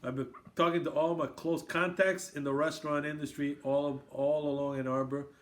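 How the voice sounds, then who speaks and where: A man's voice: a little high, little pitch movement, moderate pace. A man from Queens hosting a casual sports podcast, riffing and raising toasts. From Queens, New York. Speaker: podcast host.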